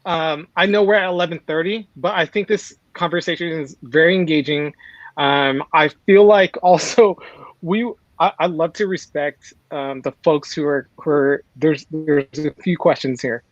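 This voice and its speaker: A man with a higher voice hosts a casual chat, upbeat and full of fillers. His sound comes through a dry, dull call line with no room to it. He reads out audience questions in a loose way. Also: moderate pace, no echo. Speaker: host.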